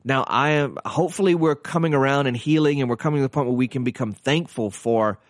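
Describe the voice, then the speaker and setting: A man's voice: mid-range voice, fast talker, no echo, clean studio sound. A man teaching on a podcast in an earnest, conversational way, asking rhetorical questions and often restarting his sentences.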